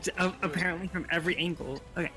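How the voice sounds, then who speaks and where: A man's voice: sits high, steady tone, racing, music in the background. A man playing in a tabletop game, chatting casually, joking and laughing as he asks about his moves. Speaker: player.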